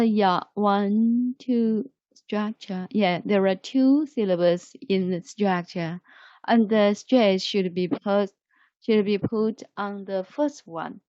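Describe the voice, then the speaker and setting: A woman teaching English vocabulary in an online class, explaining slowly and repeating words. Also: mid-range voice, a little mellow, no echo, muffled recording. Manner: slow, repetitive, explains word by word.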